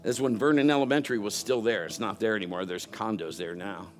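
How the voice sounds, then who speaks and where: Over soft background music, this pastor talks fast in a lowish voice. The middle-aged man's sermon is full of family stories told through playful mimicry and loud impressions.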